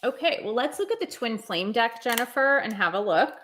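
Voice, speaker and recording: A woman's voice: on the high side, sing-song, fairly quick, fairly bright tone, slight background noise. A middle-aged woman doing live-stream tarot readings, talking in a chatty, valley-girl cadence. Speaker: tarot reader.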